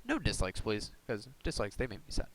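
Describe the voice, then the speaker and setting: A man's voice: lowish voice, wildly swooping pitch, fairly quick, no echo, low-quality recording. A young man casually walking through his card deck, rambling with many ums and uhs. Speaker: YouTuber showing a card deck. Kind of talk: casual deck profile talk.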